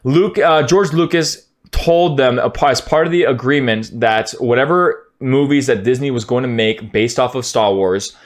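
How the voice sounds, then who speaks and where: A man streamer ranting his opinion in a casual, profane, heated way, at times breaking into shouts. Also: medium pitch, normal speed, hardly any pauses.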